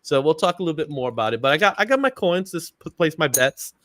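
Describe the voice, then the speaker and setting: A man's voice: a little high, expressive, fast talker, fairly bright tone, dry recording. Upbeat man hosting a comics livestream. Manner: upbeat, chatty, greets chat viewers by name; laughs often, fillers like "you know what I'm saying". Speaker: livestream host. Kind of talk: casual livestream chat.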